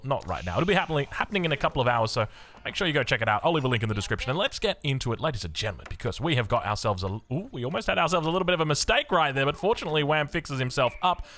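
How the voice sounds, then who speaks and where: Calling a strategy game with energetic esports commentary, this young Australian caster speaks quickly, his voice leaping around in pitch. Between plays he chats easily and wanders off into rambling side stories.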